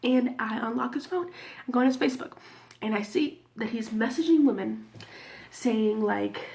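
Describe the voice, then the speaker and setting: Candid gravelly-voiced young woman vlogger. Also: on the high side, moderate pace, darkish tone. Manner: candid, swears freely, drops to near-whispers. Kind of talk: casual storytime.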